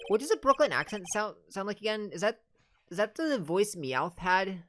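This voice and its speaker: A woman's voice: medium pitch, very animated, moderate pace, a bit bright, faint music behind. A woman in casual game commentary, making chatty, rambling asides while she plays. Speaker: let's play gamer.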